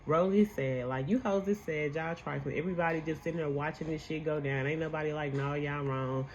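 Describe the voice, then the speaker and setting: A woman's voice: low-pitched, brisk, a little hiss or hum. A young woman hosting a casual reality show recap, blunt and heated, swearing freely.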